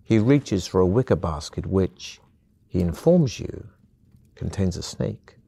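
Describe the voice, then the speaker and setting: Male narrator for a fantasy video game: scripted second-person telling, calm and measured, very low and dark, with a dry close sound. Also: vocal fry, breathy edge, no echo.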